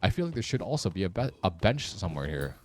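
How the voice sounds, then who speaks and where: A man's voice: low-pitched, sing-song, fast talker, a little mellow, slight background noise. A man streaming a game with casual, wry commentary, muttering sarcastic asides to himself.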